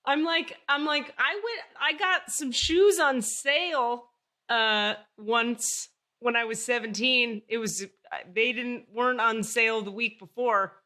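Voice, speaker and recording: A woman's voice: fairly high pitch, steady tone, unhurried, bright, forceful tone. A woman hosting a podcast in casual chat, blunt and playful, interrupting and swearing freely. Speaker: podcast host.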